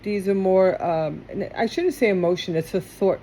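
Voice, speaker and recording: A woman's voice: medium pitch, moderate pace, mellow, slight background noise. Queens new york lady doing a tarot reading, chatty and rambly, wanders off topic a lot. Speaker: tarot reader. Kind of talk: casual tarot reading to camera.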